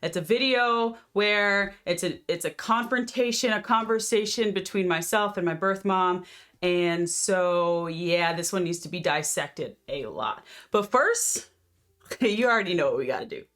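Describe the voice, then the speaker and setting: A woman's voice: lowish voice, a little slow, a bit bright. A woman host and life coach telling a personal story to camera in an earnest, conversational way, often restarting her sentences.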